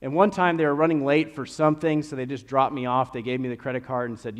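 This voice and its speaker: Speaking quickly with hardly any pauses, a young man with a mid-range voice and a slight Kentucky accent preaches a story-filled, conversational sermon. He tells his stories with animated rises, echoing through the long reverb of a church hall.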